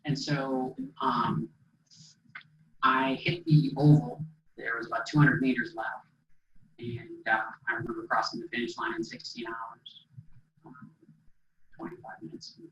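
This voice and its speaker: A man's voice: medium pitch, wildly swooping pitch, a little slow, vocal fry, long pauses, fairly bright tone, slight background noise. A middle-aged man gives a motivational talk in a storytelling manner, chatty and loose, full of fillers and quoted dialogue. The sound is dull and comes from a distance, with the echo of a large hall around him. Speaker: motivational speaker. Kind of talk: storytelling presentation to an audience.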